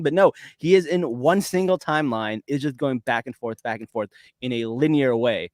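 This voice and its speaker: A man's voice: medium pitch, normal speed, few pauses, a little mellow, dry recording, studio quality. A man co-hosting a casual pop-culture podcast, talking enthusiastically, rambling and laughing often. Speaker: podcast co-host.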